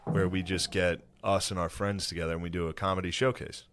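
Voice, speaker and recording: Man, podcast co-host, casual chat, lowish voice, animated storyteller. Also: fairly quick. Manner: animated storyteller, bursts into high-pitched impressions and laughter.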